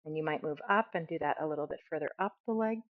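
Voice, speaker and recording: A woman's voice: sits low, quick pace, phone-quality sound. A woman teaching a yoga class, giving casual, self-deprecating cues while she moves through the poses. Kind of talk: guided yoga instruction.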